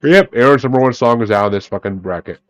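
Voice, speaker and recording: Talking fast in a medium pitch, this music podcast host runs a casual bracket discussion over an online call, naming each guest in turn and cursing freely. The recording has no echo.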